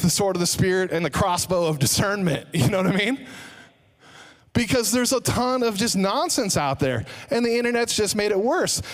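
High-voiced preacher, playful and emphatic. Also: male voice. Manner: energetic, joking asides to the congregation; repeats key phrases for emphasis. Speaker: pastor. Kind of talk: sermon. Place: church sanctuary, live service.

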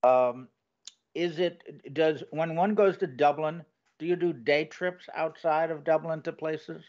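A man hosting an interview show, enthusiastic and quick to laugh as he asks his guest questions. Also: fairly high pitch, fairly even intonation, darkish tone, muffled recording. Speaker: podcast host. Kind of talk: conversational interview.

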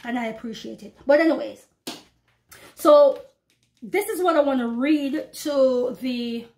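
A woman preaching prophecy to her online followers, fervent and emphatic, slowing down when she reads scripture aloud. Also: fairly high pitch, darkish tone. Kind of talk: preaching to camera.

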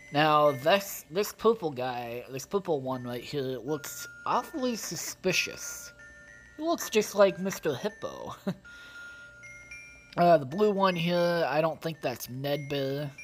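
A man doing casual let's-play commentary, profane, exasperated and rambling as he talks to his viewers. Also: fairly high pitch. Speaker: gaming video creator.

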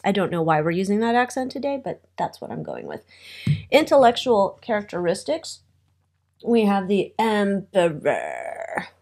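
A woman talks through a tarot spread in a loose, chatty way, her voice sitting at an ordinary middle pitch. She drifts into wry asides and lets sentences trail off as she thinks aloud. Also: wildly swooping pitch, a little fast, darkish tone. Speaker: tarot reader. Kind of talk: casual tarot reading.

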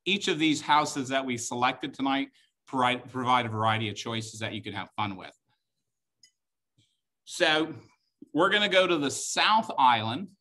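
A middle-aged man leads a live-streamed wine tasting in a loose, joking, enthusiastic way. His voice sits in an ordinary middle register and has a bright, forward tone. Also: medium pitch, lively intonation, measured pace, long pauses. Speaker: wine tasting host and instructor.

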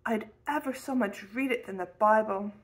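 A woman's voice: fairly high pitch, normal speed, natural voice. A woman voicing a blunt, chatty nine-year-old boy in a storybook reading. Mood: enthusiastic. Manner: chatty, curious, cheerfully outspoken.

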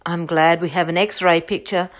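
Woman doing a gentle, kind male vet. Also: on the low side, moderate pace, natural voice. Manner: calm, warm, soothing.

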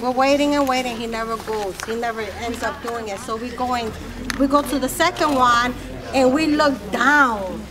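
Laughing woman telling a lively story. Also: a little high, poor audio. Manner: animated, laughing, quick asides. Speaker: aunt of the deceased. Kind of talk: casual storytelling.

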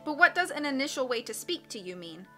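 A woman's voice: high voice, sing-song, fast talker, fairly bright tone, faint music behind. A woman voicing a practical, inventive older sister in a read-aloud story.

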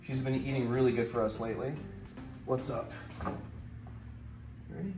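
A man's voice: mid-range voice, little pitch movement, moderate pace, over music. A young man hosting a wildlife vlog, narrating casually as he works with animals and cooing to them in baby talk. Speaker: wildlife keeper and vlog host.

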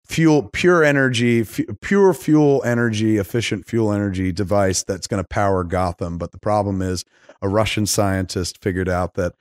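A man's voice: on the low side, fairly even intonation, normal speed, no room sound. A man hosting a podcast, recapping a film in a profane, rambling and enthusiastic way. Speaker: podcast host. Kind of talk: casual movie recap.

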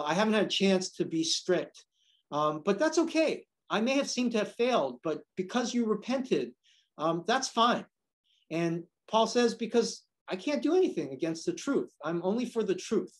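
A man, a priest, teaching a Bible class, reading scripture aloud and explaining it with frequent fillers and "right?" asides. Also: high voice.

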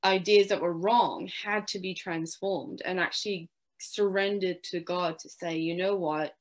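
A woman's voice: lowish voice, steady tone, a little slow. A woman with a British accent, an interview guest, earnestly telling a personal faith story and quoting what she once said. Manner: earnest storytelling, quoting her own past words.

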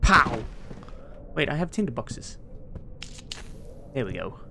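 A man streams a game, muttering to himself and swearing as he goes. He talks in a slow, drawn-out way and gets excitable, with a mid-range voice. A faint hiss sits under the recording. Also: medium pitch. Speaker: gameplay streamer. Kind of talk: let's play commentary.

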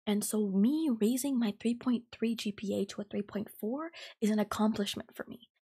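Gravelly-voiced young woman ranting fast. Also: mid-range voice, dark tone. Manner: profane, heated venting with lots of fillers; fast and emphatic. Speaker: podcast host. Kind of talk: ranting storytime podcast.

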